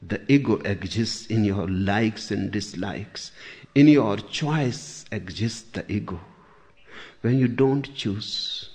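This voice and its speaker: A man giving a spiritual discourse, deliberate, pausing often, with sudden emphatic lines. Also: lowish voice, a little mellow. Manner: slow, deliberate, with long pauses and sudden emphasis. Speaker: spiritual teacher.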